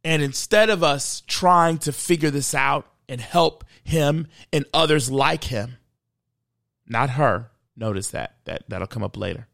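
Slow gravelly preaching podcast host. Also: male voice, medium pitch, fairly bright tone, no room sound, clean studio sound. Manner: earnest, slow and emotional, swells to a preaching build. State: choked up.

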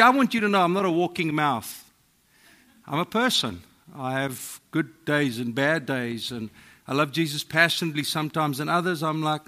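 A man's voice: a little high, sharp tone. A man in his sixties with a South African accent, preaching a humorous, self-deprecating sermon in a church. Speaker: guest preacher. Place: church hall.

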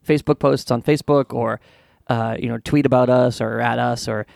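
A man's voice: medium pitch, steady tone, moderate pace, creaky, darkish tone, dry recording, clean studio sound. A man co-hosting a comedy podcast, chatting casually and teasing his friends. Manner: teasing, many fillers and restarts. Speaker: podcast co-host.

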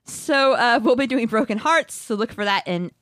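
A woman's voice: on the high side, lively intonation, normal speed, a bit bright, no echo, studio quality. A woman co-hosting a casual podcast chat, upbeat and laughing often. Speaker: podcast co-host.

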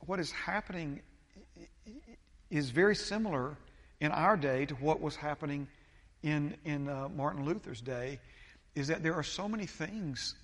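A man, a pastor preaching a sermon, talking haltingly with many fillers and restarts. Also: a little high, expressive, fairly bright tone, in a large hall.

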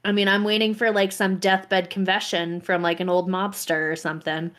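A woman co-hosting a casual podcast, telling stories with lively acted-out quotes. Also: mid-range voice, normal speed. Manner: animated storyteller, acts out quotes. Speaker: podcast co-host. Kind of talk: casual chat.

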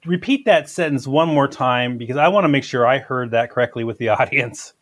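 A man's voice: a little fast, no room sound. A man co-hosting a podcast in casual chat, joking and teasing, laughing often. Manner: very lively, swooping pitch. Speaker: podcast co-host.

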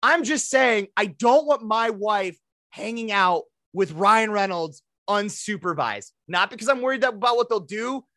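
A man in his thirties bantering on a podcast, with a high, bright voice that sits close and dry. He jokes and animates, slipping into little voices for the people he quotes. It is loose, casual chat between co-hosts. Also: lively intonation, moderate pace, no room sound. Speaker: podcast co-host.

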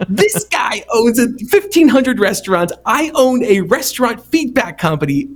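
A man's voice: very high voice, normal speed, slight background noise. A man who runs a restaurant feedback company, telling stories in a casual conversation and acting out what people said. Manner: storytelling, animated quoting of others.

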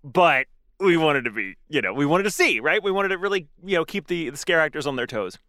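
A man hosting a casual chat, telling an animated story and laughing often. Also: a little high, brisk, no room sound, studio quality. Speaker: podcast host.

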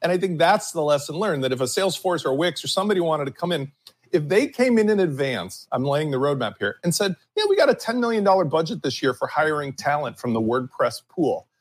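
A man's voice: fairly high pitch, big pitch swings, fairly quick. A man co-hosting a casual panel discussion, opinionated and emphatic, stretching out his key words. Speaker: podcast co-host.

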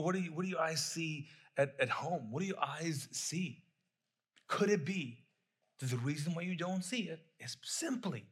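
A man's voice: on the high side, a bit bright, breathy edge. A middle-aged man preaching a sermon as pastor, talking conversationally, repeating phrases and putting questions to the congregation.

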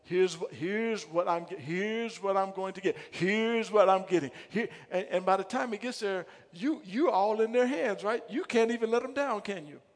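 High-voiced preacher in a reverberant hall. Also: male voice, normal speed, hardly any pauses. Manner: builds to loud emphatic preaching, then drops low. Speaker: pastor. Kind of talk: sermon. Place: church sanctuary.

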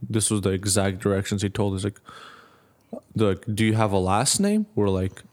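A young man telling a story in casual chat, animated, acting out the people he quotes and laughing often. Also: lowish voice, moderate pace. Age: young adult. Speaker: podcast co-host.

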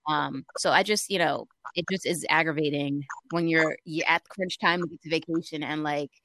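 A woman's voice: low-pitched, steady tone, normal speed, a bit bright, dry recording. A young woman co-hosting a radio talk show, chatting casually, laughing often and venting in an exasperated way.

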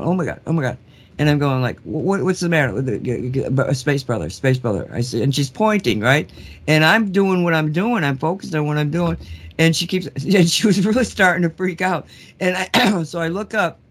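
A man hosting a radio talk show, telling a story in a casual, excited way with frequent restarts. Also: fairly high pitch.

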